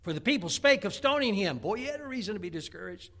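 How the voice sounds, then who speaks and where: This pastor speaks in a high, bright, sing-song voice, going fast with hardly any pauses. He preaches with folksy, humorous homely stories, repeating words and building to emphatic, rising bursts.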